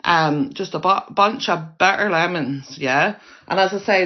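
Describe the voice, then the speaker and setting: A woman holds forth on a live stream, sharp-tongued and combative. She keeps repeating herself to drive each point home, heavy with sarcasm. Her voice comes through dull, lo-fi phone audio. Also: lowish voice, expressive, normal speed. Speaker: livestreamer. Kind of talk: ranting monologue on a live stream.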